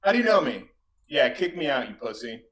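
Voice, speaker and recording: A man's voice: mid-range voice, big pitch swings, a little fast, reverberant, a crowd in the background, low-quality recording. A man on an online panel needling the host, repeating the same challenge and trading crude insults in a heated argument. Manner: taunting, persistent, insulting.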